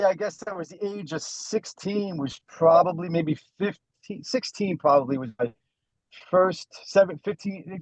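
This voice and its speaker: A man's voice: sits high, darkish tone, no echo, muffled recording. A man who sings lead in a band, chatting casually in a rambling, self-deprecating way with many restarts. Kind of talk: casual chat.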